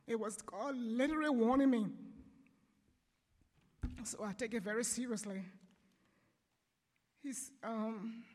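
A woman's voice: on the high side, a little mellow, in a large hall. Emotional woman giving church testimony. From Africa. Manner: emotional, apologizing and pausing.

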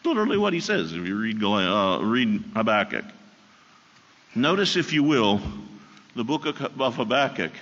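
A man preaching a sermon, telling the story with animated voices and dropping soft and slow for key lines. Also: mid-range voice. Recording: dull sound with long hall reverb.

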